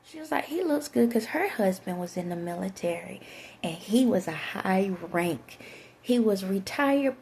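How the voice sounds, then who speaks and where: This is a woman telling a winding story to her audience. Her voice is mellow and dark with a gravelly edge. She drifts between her own account and quoted dialogue in a loose, conversational way. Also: mid-range voice. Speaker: vlogger. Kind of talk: rambling storytime monologue.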